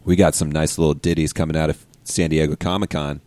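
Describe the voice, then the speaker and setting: A man's voice: rumbling low, flat delivery, fast, a little mellow. A man co-hosting a casual podcast, laid-back and swearing freely. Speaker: podcast co-host. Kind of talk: casual chat.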